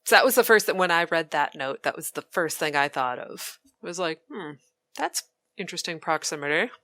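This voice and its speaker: A woman co-hosting a gaming podcast, animated and quick to laugh and react. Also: sits low. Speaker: podcast co-host. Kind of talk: casual gaming podcast chat.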